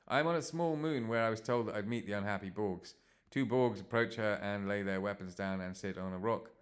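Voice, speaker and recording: A man's voice: fairly low pitch, a little fast, natural voice. A man reading an eager female space reporter. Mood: earnest. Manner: eager, slightly nervous, chatty. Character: earnest young female starship reporter.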